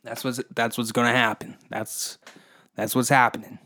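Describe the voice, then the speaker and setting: A man's voice: medium pitch, level tone, normal speed, pushed and bright. Crude, rambling man ranting. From Canada. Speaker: podcast host. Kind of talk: comedic rant monologue.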